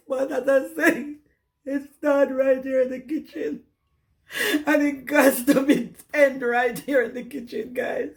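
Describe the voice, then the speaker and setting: Nervous Jamaican woman, high and slow. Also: steady tone. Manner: nervous, laughs through her words, keeps repeating "guys". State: nervous and embarrassed, near tears. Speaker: cooking channel host. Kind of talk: emotional direct-to-camera confession. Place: home kitchen, indoors. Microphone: camera set down in front of her.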